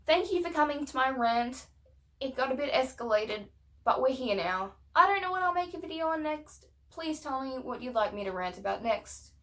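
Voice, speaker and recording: A woman's voice: high voice, lively intonation, normal speed, fairly bright tone. A young woman venting in a casual rant to camera, blunt and swearing often, emphatic and heated. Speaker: vlogger.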